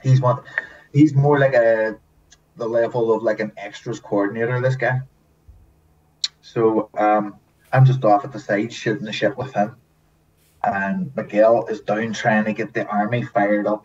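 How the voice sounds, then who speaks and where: A man guest telling casual stories in a lively way, swearing often and acting out what others said. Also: on the low side, unhurried. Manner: lively storyteller, swears often, acts out quotes. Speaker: guest, former TV extra. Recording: distant mic, dull lo-fi sound, faint hiss.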